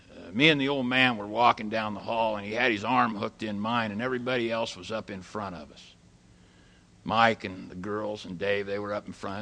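At a recovery meeting, an older man with a sharp-toned voice on the low side speaks to the live group. He's plain and folksy, weaving stories and jokes together and quoting others.

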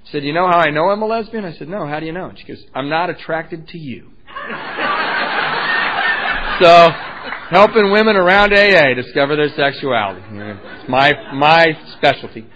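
A middle-aged man telling his recovery story at a meeting, animated and joking, acting out voices in the story. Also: fairly high pitch, moderate pace. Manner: animated storytelling, acts out voices, laughs at own jokes. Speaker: AA speaker sharing his story. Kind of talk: personal recovery talk at a meeting. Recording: dull lo-fi recording.

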